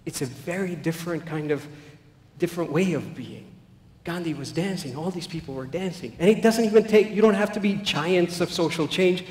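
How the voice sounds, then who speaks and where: A man with a fairly high voice gives a talk on stage in a large hall. He tells animated stories and acts out the quoted lines. His voice rings with a long, roomy reverb. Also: moderate pace. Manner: animated, anecdotal, acts out quotes, soft-spoken at key points. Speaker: speaker giving a talk. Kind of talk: storytelling public talk.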